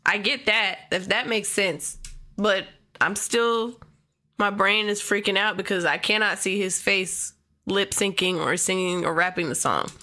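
A woman with a bright, forward voice gives casual reaction commentary as host. She fires off rhetorical questions in a chatty way. She often stops and restarts while hunting for the right words. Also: medium pitch, fairly even intonation, unhurried.

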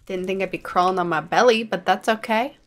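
A woman's voice: medium pitch, a little fast, slight background noise. A woman giving running commentary on her own gameplay, exasperated and self-mocking as she fails and retries. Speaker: gaming channel host.

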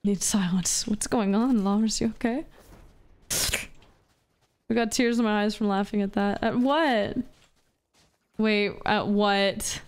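A woman's voice: medium pitch, fairly even intonation, slow, pauses often, clear, resonant tone. A woman from Canada, chatting casually on a live stream while gaming, playful, swearing, laughing and reading chat aloud. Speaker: VTuber streamer.

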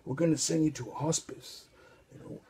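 A man voicing a gentle doctor who speaks quietly and hesitantly. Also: fairly high pitch, steady tone, a little fast, slightly rough. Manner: quiet, hesitant, soft-spoken. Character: gentle male doctor giving grave news.

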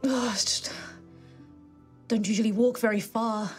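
A woman's voice: on the high side, fairly even intonation, unhurried, faint music behind, lightly acted. A woman voicing a delicate, prim young noblewoman who is very polite. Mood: polite, dainty.

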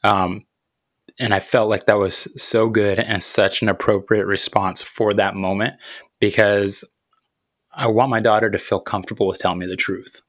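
A man's voice: fairly low pitch, flat delivery, fairly bright tone, dry recording, clean studio sound. A man in his thirties, a podcast host telling a personal story about faith and parenting in an earnest, reflective way. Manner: earnest, reflective, unhurried, with thoughtful pauses.

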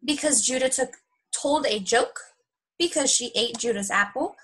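A young woman teacher at home, recording a lesson and reading a story aloud to young kids in a chatty, lively way. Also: fairly high pitch, moderate pace, breathy edge, rough recording.

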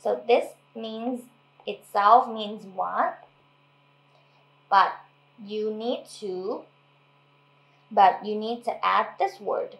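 A woman from Thailand casually teaching language, explaining patiently and repeating words slowly. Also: a little high, expressive, echoey room, poor audio.

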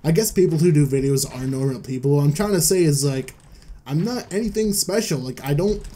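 A young gaming YouTuber rambles through casual commentary at home on a desk mic, self-deprecating and trailing off. His fairly high, mellow voice is lively and fairly quick, cracking as he holds back coughs.

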